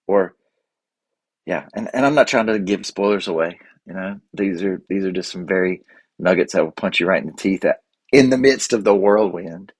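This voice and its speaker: A man hosting a solo podcast, talking in a rambling, halting way with many restarts. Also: lowish voice, no echo. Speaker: podcast host. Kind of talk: casual solo podcast monologue.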